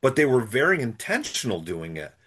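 A man's voice: mid-range voice, very animated, brisk, fairly bright tone, husky. A man co-hosting a podcast, reflecting thoughtfully on a TV episode in casual conversation. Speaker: podcast co-host. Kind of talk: casual chat.

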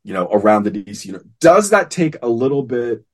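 A man in casual podcast chat recounts a comic book story. His voice is husky and low-key. He tells it with animated flair, slipping into the characters' lines as he goes. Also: quick pace. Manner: animated retelling, acting out lines in quotes. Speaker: podcast co-host.

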